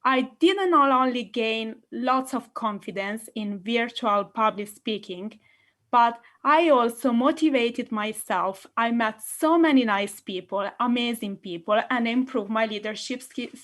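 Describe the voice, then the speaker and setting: Italian woman, meeting host on a video call; unhurried, fairly high, playful crowd-work delivery. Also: a bit bright. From Italy. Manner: playful, theatrical, addresses audience directly. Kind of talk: enthusiastic public address.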